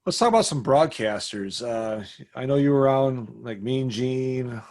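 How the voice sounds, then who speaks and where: A man hosts a relaxed interview, his voice sitting in a middle pitch. He reacts eagerly, like a longtime fan, and steers the talk with loose, casual questions. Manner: eager, fan-like, quick backchannel replies. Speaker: podcast host.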